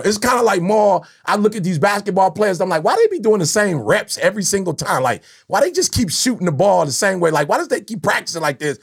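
Middle-aged male podcast host, high and gravelly, slangy and animated storyteller. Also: fast, few pauses. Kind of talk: casual chat.

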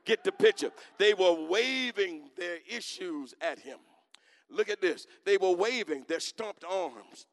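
A male preacher giving a sermon in rhythmic phrases, calling on the congregation to answer and swinging from quiet talk to shouting. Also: high-pitched, animated, slow.

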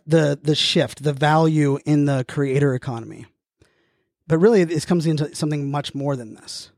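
A man's voice: fairly high pitch, a little mellow, no echo, clean studio sound. A man hosting his own podcast, speaking in an earnest, motivational monologue with frequent fillers and restarts. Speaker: podcast host.

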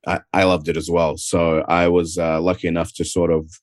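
Deep aussie guy from adelaide, laid back chatty interview talk, lots of likes and ums. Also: monotone, brisk, no echo, studio quality. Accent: Adelaide Australian. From Australia. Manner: easygoing, rambling, lots of filler words. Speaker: guest, professional wrestler. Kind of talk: casual interview chat. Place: at home.

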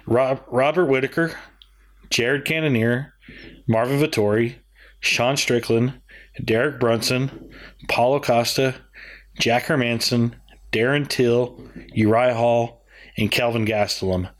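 Halting man co-hosting a sports show. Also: medium pitch, fairly even intonation. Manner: halting, repeats words when cutting in. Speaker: podcast co-host. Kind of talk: casual sports chat.

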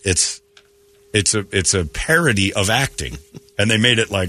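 A man hosting a morning radio show, ranting sarcastically about the news and slipping into quick mocking quotes. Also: lowish voice, animated, sharp tone. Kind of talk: opinionated morning radio banter.

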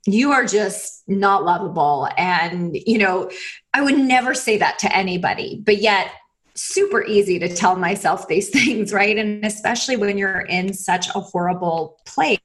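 A woman's voice: medium pitch, normal speed, a bit bright. A woman coach speaking as a guest, giving casual conversational advice in a chatty, filler-heavy way, with small laughs between phrases. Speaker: guest coach who works with clients.

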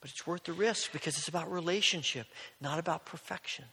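Guy preaching a sermon, kinda high voice, chatty storytelling, echoey church hall. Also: a little fast, vocal fry, breathy edge. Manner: conversational storytelling, drops to soft near-whispers. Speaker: pastor.

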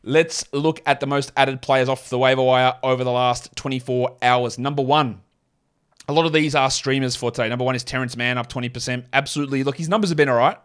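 Guy with a non-american accent doing a fantasy hoops pod, chatty and opinionated, middle pitch. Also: fairly even intonation, a bit bright, smooth. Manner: chatty, opinionated, quick asides. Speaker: fantasy basketball podcast host. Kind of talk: casual solo analysis with ad read.

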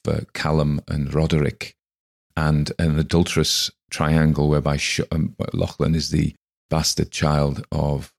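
Man, gravelly, casual spoken commentary, rambling, reflective, frequent fillers. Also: very deep voice, darkish tone. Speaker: podcast host.

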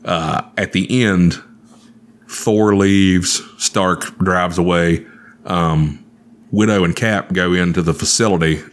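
A man's voice: low-pitched, takes it slowly. A man telling stories in a casual, profane chat, acting out what people said. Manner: profane, animated storyteller.

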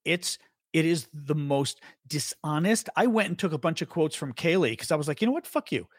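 A man co-hosting a podcast, talking in a sarcastic, animated way and mocking the voices of the people he quotes. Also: on the high side, brisk, husky, dry recording, studio quality. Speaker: podcast co-host. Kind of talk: casual political chat.

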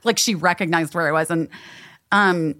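A woman's voice: on the low side, normal speed, no echo, clean studio sound. A woman co-hosting a podcast, telling stories in a casual chat and acting out other people's voices. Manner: animated storytelling, acts out others' voices. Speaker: podcast co-host.

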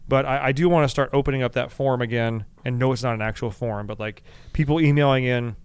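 A man co-hosts a podcast in a relaxed, joking way and swears casually now and then. His voice is smooth and clear. The recording is dry and close, with no room sound. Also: mid-range voice, fast, no room sound. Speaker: podcast co-host. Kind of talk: casual chat.

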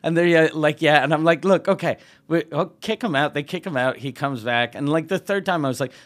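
A man telling a profane comic road story as a podcast guest, animated and laughing often. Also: on the high side, fairly quick. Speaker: comedian guest.

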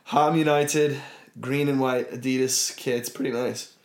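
A man's voice: medium pitch, level tone, normal speed, reverberant. A young man from the United States in casual chat as a guest, laid-back and joking, swearing offhand. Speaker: guest, footballer.

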